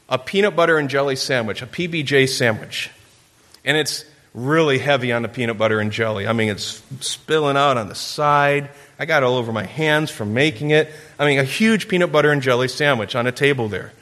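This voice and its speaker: A man delivering a sermon in a church sanctuary, with a bright, forceful voice and a slightly high pitch. He tells his story with playful energy, putting on kids' voices. His words ring out with a long hall reverb behind them. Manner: storytelling with playful camper impressions. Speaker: pastor.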